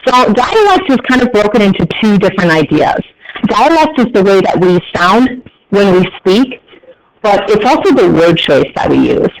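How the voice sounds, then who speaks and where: An American man teaches a class in a fairly high voice, chatty and quick to throw in joking asides for his students. A steady hiss of noise runs under the recording. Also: gravelly, poor audio. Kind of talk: classroom lecture.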